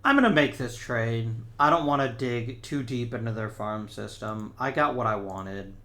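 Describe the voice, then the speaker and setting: Man, gaming host, casual play-by-play thinking aloud, bright tense voice, mid pitch. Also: expressive, normal speed. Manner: thinks aloud, talks to players on screen. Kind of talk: casual let's-play commentary.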